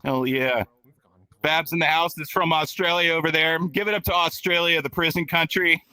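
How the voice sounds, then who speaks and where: A man in his thirties from Texas, hosting a stand-up comedy show with a crude, rowdy manner, working the crowd and squeaking out voices for others. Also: steady tone, normal speed, pushed and bright, clean tone. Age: 30s. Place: virtual reality comedy club with live audience.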